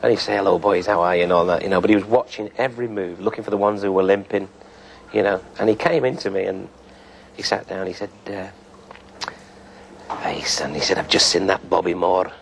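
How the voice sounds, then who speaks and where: An older man who once played football recalls his playing days in an unhurried, anecdotal way, with plenty of pauses and fillers. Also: low-pitched, steady tone, gravelly, slight background noise. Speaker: former footballer interviewee. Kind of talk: reminiscing interview.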